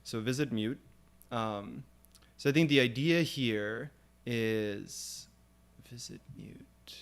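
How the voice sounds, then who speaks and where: A man's voice: medium pitch, slow pace, smooth. Man thinking aloud while live coding. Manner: thinking aloud with many fillers. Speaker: programming stream host.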